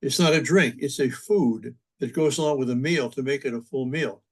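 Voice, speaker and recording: An older man, a priest, reminiscing in an interview with relaxed, humorous storytelling. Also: mid-range voice, normal speed. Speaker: interview guest, priest and publisher. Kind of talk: anecdotal storytelling in conversation.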